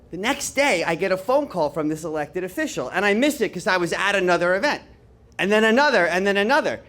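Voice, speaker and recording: Man, high voice, chatty guest speaker, laughs at his own stories. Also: expressive, fast talker, a bit bright. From New York. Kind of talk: storytelling talk to an audience.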